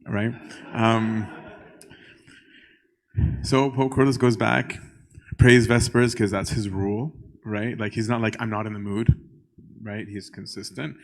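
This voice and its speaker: Priest, male, lower register; casual storytelling sermon, conversational, ums and check-ins. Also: steady tone, slow, long pauses. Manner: conversational, keeps checking in with "right?"; frequent filler "um". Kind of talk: storytelling church talk.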